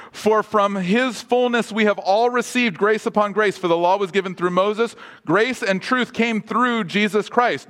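A pastor with a fairly high voice delivers a sermon to his congregation, repeatedly asking them questions. He alternates between lively, humorous asides and slower, softer passages.

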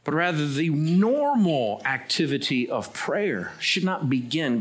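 A middle-aged man preaching a sermon as pastor, swinging between loud, high bursts and low, quiet asides. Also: expressive, moderate pace, hardly any pauses.

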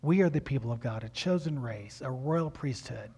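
A man's voice: mid-range voice, moderate pace, breathy edge. A man, a pastor telling a personal story in a sermon and acting out the dialogue. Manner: animated storytelling, acts out dialogue.

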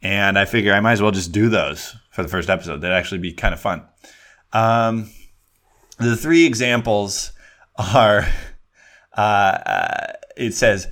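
A man hosting a solo podcast, talking casually from his desk in a lowish voice. He rambles, gets in his own way with restarts and fillers, and pokes fun at himself. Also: measured pace, long pauses, fairly bright tone. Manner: rambling, self-deprecating, lots of ums and restarts. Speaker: podcast host.

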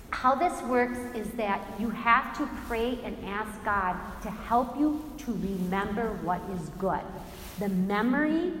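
A Christian speaker with a medium-pitched voice gives a faith talk built on personal stories, telling them animatedly, acting out quotes and laughing often. She's recorded in an echoey hall with long reverb, faint ambience and slight background noise.

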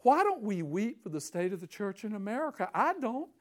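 A man preaching a sermon, reading scripture aloud with slow emphasis and swinging from hushed tones to near-shouting fervor. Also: high-pitched, sing-song.

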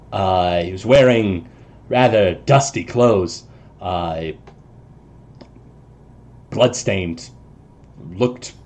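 A man playing a nervous, deferential house servant with a lowish voice, stumbling over his words and answering politely to every question. He keeps his speech formal and halting, full of hesitations, as in a tabletop role-playing game. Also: darkish tone, full character voice. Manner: hesitant, formal, many "uh"s and "sir"s. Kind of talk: voicing a character in a tabletop game.

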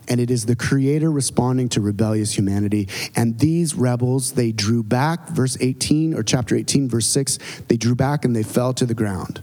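A pastor in his forties preaching a dramatic, storytelling sermon, his pitch rising and falling widely. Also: animated, moderate pace, a little mellow. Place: church sanctuary. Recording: long reverb of a church hall.

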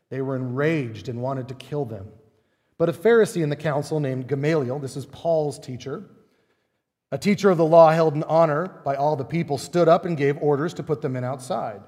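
A male pastor preaching a sermon, animated and emphatic, with many rhetorical questions. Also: medium pitch, in a large hall.

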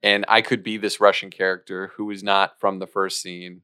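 A man's voice: sits low, level tone, moderate pace, bright, forceful tone, clean tone, dry recording, clean studio sound. A man co-hosting an improv podcast in casual chat, explaining his thoughts at length. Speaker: podcast co-host.

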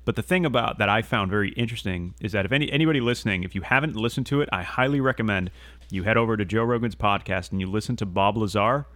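A man's voice: lowish voice, quick pace, a bit bright, no room sound. A man co-hosting a podcast in a loose casual chat, laid-back, often saying "dude" and swearing. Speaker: podcast co-host.

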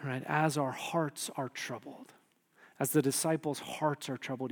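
A man preaching a sermon in a conversational, animated way, often dropping or raising his voice to act out quotes. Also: mid-range voice, a little slow, long reverb tail. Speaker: pastor.

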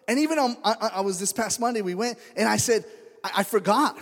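A man with a high, light voice preaches in a church sanctuary, and his words ring out with a long hall reverb. He talks in a loose, conversational way and slips into the voices of the people in his stories. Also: fast, a bit bright. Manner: conversational storytelling, acts out quoted voices. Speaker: pastor. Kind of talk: sermon.

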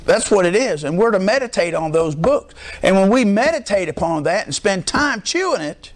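A man's voice: high voice, very animated, moderate pace. A middle-aged man preaching as a pastor, emphatic and prompting the congregation with call-and-response questions. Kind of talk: sermon.

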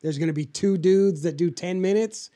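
A young adult man co-hosts a podcast, chatting casually in a high, mellow voice at a moderate pace. He rambles and swears, using lots of filler words.

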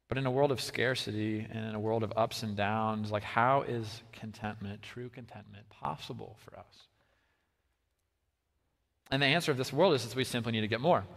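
A man preaching a sermon in a casual, chatty way with many fillers, his voice swinging between soft stretches and lively bursts. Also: mid-range voice. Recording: long reverb of a large hall.

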